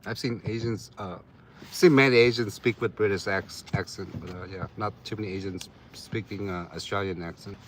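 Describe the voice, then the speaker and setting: A man's voice: lowish voice, fairly even intonation, normal speed, a little hiss or hum. A man chatting casually on a live stream, laid-back and drowsy, laughing often and swearing casually. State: drowsy after a nap. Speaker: livestreamer.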